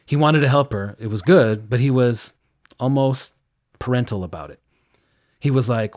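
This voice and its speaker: A man's voice: medium pitch, moderate pace, pauses often, darkish tone. A man working as a victim advocate, recounting a case in an earnest, conversational interview manner. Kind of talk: recorded interview clip.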